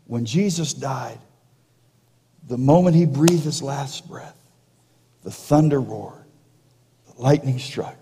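A male pastor preaching a sermon, slowing down and dropping to a hush for emphasis, with jokey asides to the congregation. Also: medium pitch, slightly rough. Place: church sanctuary. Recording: long reverb of a large hall.

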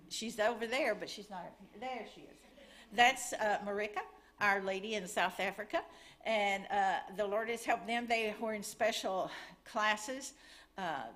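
A middle-aged woman with a medium-pitched, fairly bright voice shares a testimony and a missions update in church. She sounds earnest and chatty, if a little nervous.

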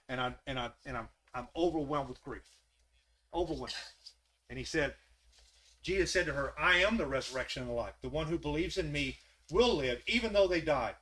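A man preaching a casual, earnest sermon. He rises in his voice when he stresses a point and drops to a soft, close tone when he asks questions. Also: fairly high pitch, poor audio. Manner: earnest, repetitive, rises when emphatic, softens to a near hush when asking questions. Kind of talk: conversational sermon.

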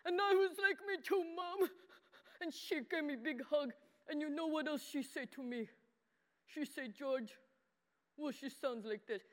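Reverb rings long through a church hall as an adult, voice sitting high, speaks slowly with long pauses as a simple, earnest boy puppet. In this children's sermon the puppet uses broken, childlike grammar and calls himself by name, sounding earnest and childish.

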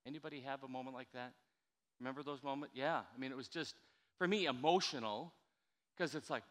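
An older man preaching a sermon in a church, chatty and animated, coaxing his congregation to answer back. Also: mid-range voice, fairly quick. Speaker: pastor. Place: church sanctuary. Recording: reverberant church hall.

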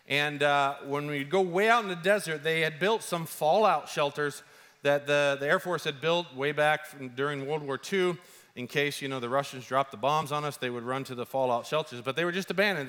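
A man preaching a sermon as a pastor, telling stories in a lively way and stretching out key words for emphasis. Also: high-pitched. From Arizona, USA. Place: large church hall. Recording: long church-hall reverb.

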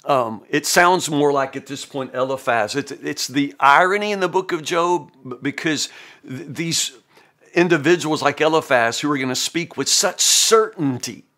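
A man talks through an old text in a loose, chatty Bible commentary. His voice is bright and forceful and sits a bit high for a man. He repeats words and restarts sentences, using plenty of fillers as he goes. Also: moderate pace. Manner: conversational, many fillers and stammered restarts. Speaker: podcast host, Bible teacher. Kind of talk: casual Bible reading commentary.

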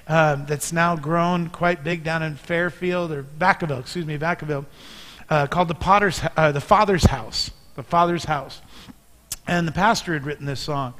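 A high, bright-voiced man preaching in a church sanctuary, his words ringing with long reverb. He is earnest, pushing up to emphatic peaks and then dropping soft and quiet. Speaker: pastor. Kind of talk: sermon.

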